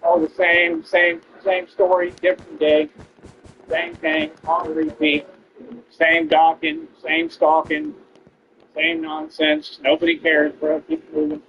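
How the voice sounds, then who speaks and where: A man's voice: fairly high pitch, takes it slowly, creaky, music in the background. A man ranting at viewers during a game stream, boastful and confrontational. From Texas. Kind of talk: ranting to viewers while gaming. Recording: dull lo-fi stream audio.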